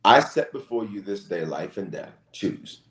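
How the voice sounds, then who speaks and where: Low-voiced preaching bishop, very animated delivery, roomy echo. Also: male voice, unhurried. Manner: impassioned, rising to shouted emphasis. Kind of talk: preaching in a church talk show.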